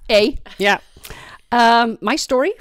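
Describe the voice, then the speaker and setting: A woman's voice: on the low side, normal speed, dry recording, studio quality. An older woman with a British accent, a retired physician telling her life story in a casual interview. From United Kingdom. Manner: chatty, candid storyteller.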